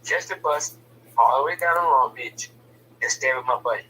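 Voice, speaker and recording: Blunt, bright-voiced man telling a story. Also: medium pitch, normal speed, distant mic, slight background noise, poor audio. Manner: blunt, profane, repeats words when starting sentences. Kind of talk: casual personal storytelling.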